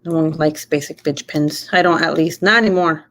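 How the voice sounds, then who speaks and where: A woman's voice: low voice, steady tone, normal speed, a bit bright, slight background noise. Chatty young woman, swears a lot. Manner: chatty, swears freely, rambling asides. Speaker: YouTuber. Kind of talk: casual late-night craft livestream chat.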